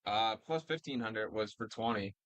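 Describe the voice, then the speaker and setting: Chill guy talking bets, bright tone, dry close sound. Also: fairly low pitch, moderate pace, no room sound. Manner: relaxed, short agreeing replies. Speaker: podcast co-host. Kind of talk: casual sports chat. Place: studio.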